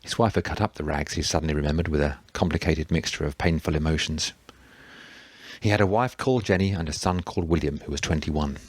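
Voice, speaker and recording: A man narrates a novel in a steady, measured read. His voice sits very low, recorded close and dry. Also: husky, no echo. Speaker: audiobook narrator. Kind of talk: scripted narration.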